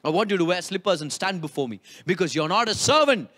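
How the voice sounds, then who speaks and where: Fatherly older man as a preacher puts him on, low and emphatic. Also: lively intonation, fast, fairly bright tone, dry recording, clean studio sound. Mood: tender. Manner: emphatic, repeating phrases. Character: father in a parable, older man, loving then stern.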